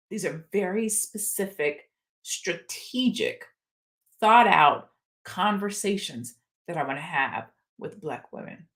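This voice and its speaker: Woman host, fairly low voice, casual live-stream chat, direct and talkative with viewers. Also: fairly bright tone. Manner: chatty and direct, addresses viewers as y'all. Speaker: host of a live stream about a women's retreat.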